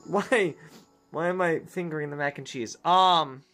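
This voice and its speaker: A man's voice: on the high side, measured pace, a bit bright. A man chats through a let's play in a loose, rambling way, joking and cutting himself off mid-thought. Faint music plays underneath. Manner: rambling, jokey, self-interrupting. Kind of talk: casual gameplay chat.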